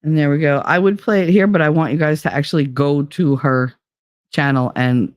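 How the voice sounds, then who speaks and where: A woman hosting a live stream, chatting casually and reading out viewer comments in a blunt, profane way, her pitch swinging up and down. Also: steady tone, moderate pace, no echo.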